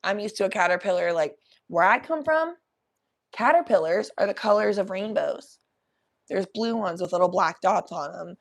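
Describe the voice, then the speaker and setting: Animated, cursing young woman storyteller. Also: medium pitch, normal speed. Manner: animated, profane, laughing storyteller. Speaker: podcast host. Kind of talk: casual storytelling.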